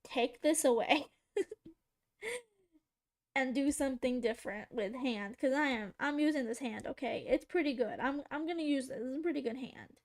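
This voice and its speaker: A woman streamer with a high voice chats casually with her viewers while drawing, speaking at a normal speed. She rambles, giggles, and pokes fun at herself as she talks to chat.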